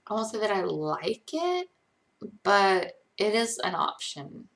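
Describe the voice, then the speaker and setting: A woman in her twenties from Georgia, USA, hosts a livestream, reading viewer questions and answering in a chatty, rambling way full of "likes" and "ums." Her light American accent is Connecticut-tinged, with little Southern in it. She speaks slowly at a medium pitch with big pitch swings, a creaky quality, and a fairly bright tone.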